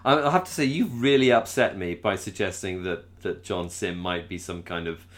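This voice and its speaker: A British man with a fairly low voice chats casually as a podcast co-host. He talks haltingly and stumbles through restarts, repeating words as he works his way to a point. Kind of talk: casual chat.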